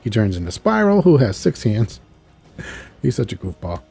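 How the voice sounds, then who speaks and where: A man's voice: fairly low pitch, big pitch swings, normal speed, vocal fry, dark tone, breathy edge, faint music behind. A man casually recapping a cartoon episode in a chatty, loose way. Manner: chatty and loose, with frequent fillers and laughs. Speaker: video reviewer.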